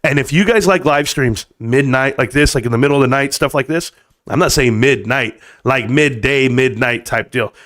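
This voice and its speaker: A man hosting his own live stream, talking in a blunt, fired-up rant that swings from calm to loud and emphatic. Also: mid-range voice, normal speed, no echo. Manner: blunt, swears freely. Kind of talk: ranting live stream talk. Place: room at home.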